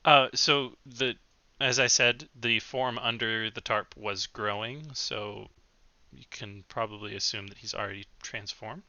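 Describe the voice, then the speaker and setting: A man running a tabletop game as game master, relaxed and chatty, laughing easily between fillers. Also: fairly low pitch, unhurried, dry recording, muffled recording.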